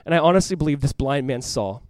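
A man preaching a sermon as pastor, animated, acting out voices and swinging from loud cries to hushed, earnest tones. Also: mid-range voice, fast talker, clear, resonant tone, no room sound. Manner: animated, acts out voices of the crowd and the blind man.

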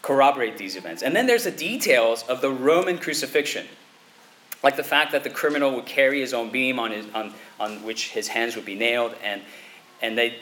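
A man preaching a sermon in a conversational way, often checking in with his listeners with a quick "okay?" or "right?". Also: medium pitch, fairly bright tone. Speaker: pastor.

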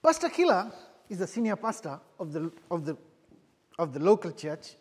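Earnest high-voiced preacher in a reverberant hall. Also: male voice, big pitch swings, breathy edge. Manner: earnest, halting, many restarts and repeated phrases. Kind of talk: sermon with personal testimony.

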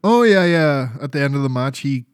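A man's voice: mid-range voice, expressive, brisk, smooth, no echo, clean studio sound. A Scottish man co-hosting a podcast, rambling casually with fillers and the odd swear. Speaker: podcast co-host. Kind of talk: casual chat.

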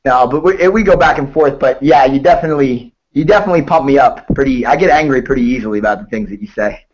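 Man, grappling coach, rambling storyteller who laughs easily, average pitch, muffled sound. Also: fast. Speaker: jiu-jitsu instructor. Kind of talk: casual podcast chat.

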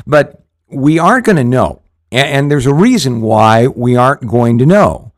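A man who hosts a Bible-teaching show talks conversationally and earnestly, rambling with frequent restarts and fillers. His voice is expressive and of average pitch, captured dry and close with no echo.

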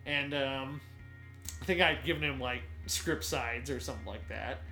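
A man co-hosting a film podcast in casual chat, telling relaxed, rambling anecdotes with fillers. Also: mid-range voice, normal speed, soft background music. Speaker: podcast co-host.

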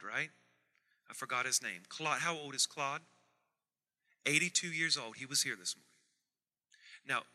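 Pastor guy preaching in a church, bright ringing voice, quiet asides then big loud repeats. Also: medium pitch. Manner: swings from soft asides to loud emphatic repetition. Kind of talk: sermon. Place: church sanctuary. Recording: reverberant church hall.

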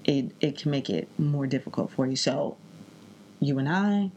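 A woman chatting casually on a podcast, animated and playful, giving practical advice. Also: very deep voice, moderate pace, highs cut off, a little hiss or hum. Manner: animated, playful, breaks into impressions.

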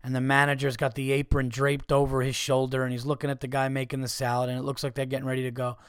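A man's voice: medium pitch, monotone, fast, smooth, no echo, studio quality. A man hosting a podcast, telling a comic story in an exasperated, profane, mocking way. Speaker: podcast host.

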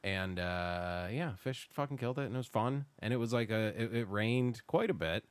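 A man's voice: fairly low pitch, moderate pace, clean tone, no echo. A young man from Western New York telling stories in casual chat, swearing and laughing, acting out the people he quotes. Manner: swearing, laughing storyteller who acts out quoted voices.

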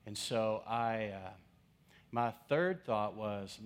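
A pastor with a lowish male voice delivers a sermon as a lively personal anecdote. He slips into the voices of the people in his story, playing the scenes for laughs. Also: takes it slowly, smooth. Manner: humorous, acts out quoted voices.

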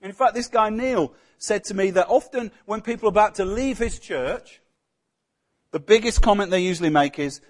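A man's voice: high-pitched, normal speed. A man preaching a sermon in a conversational way, often putting questions to the congregation.

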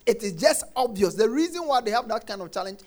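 A man preaching a sermon, quoting scripture and repeating his refrain, dropping soft and then shouting. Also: high voice, lively intonation, quick pace. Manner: emphatic, repeats phrases, swings between soft and shouted lines; quotes scripture, acts out congregants' complaints.

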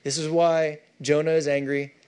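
Guy preaching, high voice, really animated, keeps talking to the crowd. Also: normal speed, clean tone. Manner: animated, conversational preaching with asides to the congregation. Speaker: pastor. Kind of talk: sermon.

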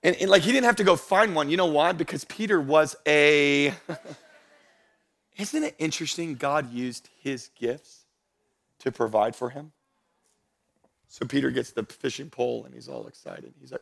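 Energetic pastor preaching a sermon. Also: male voice, a little high, normal speed, vocal fry. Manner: energetic, rises to loud emphatic preaching; jokes with the congregation. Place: church stage before a congregation.

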